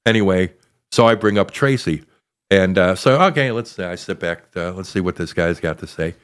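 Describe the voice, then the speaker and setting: A man's voice: low-pitched, moderate pace, clean tone. A man in his sixties with a Chicago accent, a comedian telling rambling anecdotes as a podcast guest. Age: 60s. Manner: rambling anecdotes with hesitant fillers. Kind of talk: casual storytelling chat.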